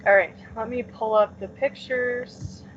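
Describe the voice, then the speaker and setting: Woman teacher, mid pitch, relaxed filler-heavy delivery, muffled call audio with faint hiss. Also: a little slow. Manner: casual, filler-heavy explaining with many "um" and "like". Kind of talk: remote class lesson. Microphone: computer mic on a video call.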